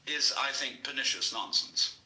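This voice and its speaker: Wry lecturing man, very bright tone. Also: medium pitch, normal speed. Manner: wry, lively storytelling. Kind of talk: anecdotal public lecture. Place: lecture hall before an audience. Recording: roomy lecture hall recording with faint hiss.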